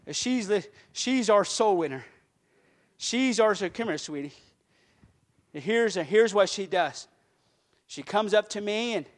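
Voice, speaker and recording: Fervent high-voiced male pastor preaching. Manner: fervent preaching, rising loud then dropping soft. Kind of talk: sermon.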